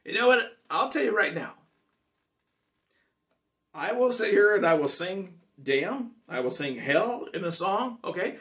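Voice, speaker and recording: Chatty singer-songwriter man, high bright voice. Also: lively intonation, a little slow, long pauses. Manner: rambling, chatty, addresses the audience directly. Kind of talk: casual chat between songs at a home concert.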